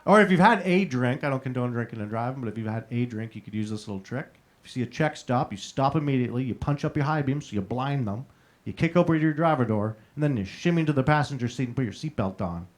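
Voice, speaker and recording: A young man works through a stand-up comedy set, spinning stories with punchy asides. He tags his jokes with a quick "right?" and chats with the audience between bits. His pitch sits in the ordinary middle for a man. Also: animated. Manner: storytelling with punchy asides and crowd banter. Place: live comedy showroom.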